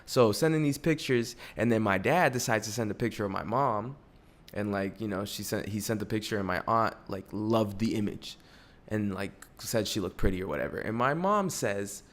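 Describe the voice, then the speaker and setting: A man in his twenties hosting a podcast in casual, profane chat. He gets excitable, laughs often and swings between loud bursts and low mutters. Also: moderate pace. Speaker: podcast host.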